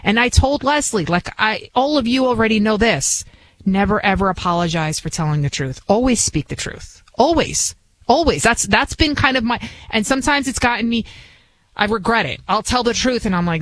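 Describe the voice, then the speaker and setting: A woman's voice: on the high side, animated, moderate pace, rough recording. A woman with a Bronx New York accent, hosting a radio talk show in a chatty, emphatic, rambling way. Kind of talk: casual talk radio monologue.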